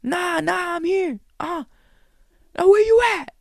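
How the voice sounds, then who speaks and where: A man voicing a rowdy, obnoxious male heckler who yells and chants. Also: very high voice, slow pace, vocal fry, dry recording, studio quality, voice pushed up, full character voice. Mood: loud, careless. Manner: yelling, chanting.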